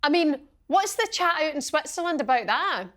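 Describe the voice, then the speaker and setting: A chatty woman hosting a sports podcast, her voice sitting a little high. She talks in a casual, exclamatory way and drifts into lively anecdotes. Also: normal speed. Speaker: podcast host. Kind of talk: casual chat.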